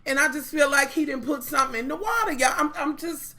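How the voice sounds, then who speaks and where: Profane, opinionated woman with a bright voice. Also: high-pitched, fast. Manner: profane, blunt, talks straight to viewers; animated, opinionated. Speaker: TV show reviewer. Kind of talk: casual chatty review.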